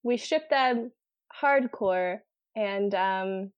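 A woman's voice: medium pitch, extremely slow, clear, resonant tone, no room sound, muffled recording. A young woman co-hosting a casual book podcast, playful and giggly. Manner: playful, giggly, brief replies. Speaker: podcast co-host. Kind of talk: casual book-discussion chat.

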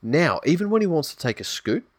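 A man's voice: on the high side, big pitch swings, fairly quick, no echo. A man, co-hosting a casual sports podcast, blunt and sweary, reading out listener comments. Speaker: podcast co-host.

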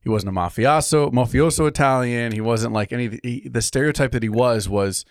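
A podcast co-host from California tells animated stories in casual chat, quick to laugh throughout. His mid-range voice is clean, on a dry, studio-quality recording.

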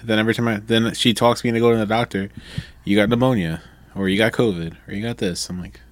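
A man's voice: on the low side, fairly even intonation, fast, no room sound. A man co-hosting a podcast in casual chat, laid-back and teasing, with short replies. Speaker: podcast co-host.

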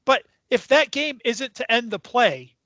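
A man's voice: very high voice, lively intonation, measured pace, creaky, bright, forceful tone, dry recording. A man co-hosting a sports podcast in a chatty way, laughing easily and restarting his sentences. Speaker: podcast co-host. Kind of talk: casual sports chat.

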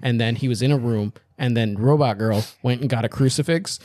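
A man co-hosting a podcast who laughs a lot and retells movie scenes in an animated way. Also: medium pitch, a little fast, dry recording, clean studio sound. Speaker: podcast co-host. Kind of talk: casual movie-review chat.

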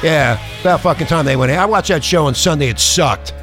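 A man's voice: on the high side, brisk, music in the background. Angry, profane man ranting on talk radio. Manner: mocking, sarcastic asides.

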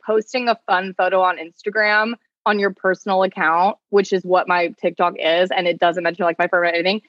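A woman's voice: mid-range voice, dry recording. Chatty young woman telling a story, dry dull mic. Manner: animated storytelling, heavy use of "like", quoting people. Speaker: attorney and content creator, guest. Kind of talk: casual podcast chat.

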